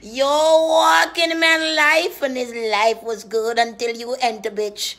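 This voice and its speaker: A woman doing a profane comic rant in a preacher's manner, dropping to hushed whispers and rising to loud shouts. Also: sits high, little pitch movement, takes it slowly. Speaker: comedian.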